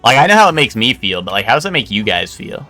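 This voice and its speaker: Bright-voiced young man streaming a game. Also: on the low side, very animated, fast talker, soft background music. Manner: rambling, joking, profane banter. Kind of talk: casual live gameplay chat.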